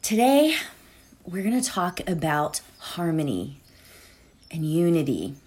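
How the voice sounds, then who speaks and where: A woman's voice: sits low, very animated, slow, a little mellow, breathy edge. A woman hosting a meditation show, speaking casually and from the heart, rambling with many fillers and restarts before leading a guided meditation. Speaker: meditation host.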